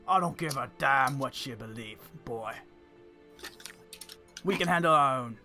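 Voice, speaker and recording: A man doing a big proud half-orc chief, older, gruff and curt, spitting his words out dismissively as he barks at the young. faint music plays under the tabletop game. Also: medium pitch, measured pace, a bit bright, natural voice. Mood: scornful.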